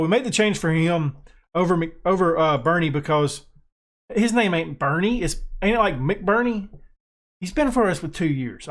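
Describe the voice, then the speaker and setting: American guy, gaming commentary, excitable, self-mocking, a bit high-voiced. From United States. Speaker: gaming YouTuber. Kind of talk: casual gameplay commentary.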